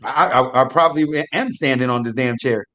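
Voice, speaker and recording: Slightly fast and mid-pitched, this young man tells a true tale as a guest on a live show. The delivery is relaxed and full of laughter, with animated asides sprinkled throughout.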